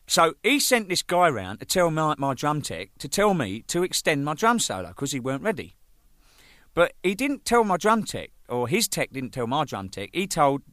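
Lively man telling band stories. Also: mid-range voice, no room sound, studio quality. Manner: animated, swearing, laughing, acting out exchanges. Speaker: band's drummer recalling its singles. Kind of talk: casual anecdotal storytelling.

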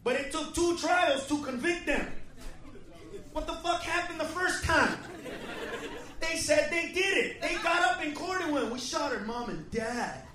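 A man's voice: very high voice, measured pace, pauses often, slight background noise. A man doing a stand-up comedy set on a club stage, ranting with heavy profanity and acting out the people he mocks. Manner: profane, aggressive rants with acted-out quotes. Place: comedy club stage before a laughing crowd. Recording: echoey live room, mic heard from far. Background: loud audience laughter.

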